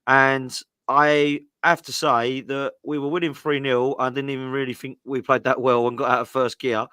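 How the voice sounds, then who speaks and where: A man hosting a casual football show, hoarse from shouting, upbeat and chummy. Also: mid-range voice, level tone, normal speed, no echo. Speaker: host.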